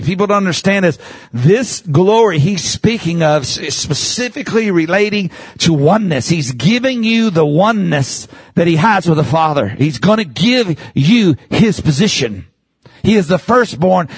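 A man preaching a sermon, speaking gently at times and building to fervent, raised-pitch exhortation. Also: slightly rough, no echo. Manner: soft and slow at first, then rising to fervent high-pitched preaching.

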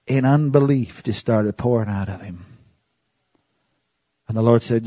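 Husky-voiced pastor preaching with swings. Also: male voice, mid-range voice, a little slow, long pauses, no echo. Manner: swings from hushed asides to shouting, laughs often; calls on the congregation to repeat phrases. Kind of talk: sermon.

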